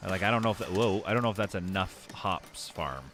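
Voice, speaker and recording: A man's voice: low voice, fairly quick, a bit bright, slight background noise. A man giving casual live commentary while he plays a city-building game, rambling and correcting himself as he thinks aloud.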